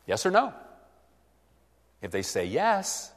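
A man's voice: a little high, wildly swooping pitch, takes it slowly, big-room sound. A man preaching a teaching sermon, acting out both sides of a conversation.

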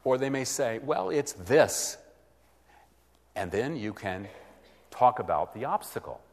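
A man's voice: on the low side, lively intonation, normal speed, long reverb tail. A man preaching a teaching sermon, acting out both sides of a conversation.

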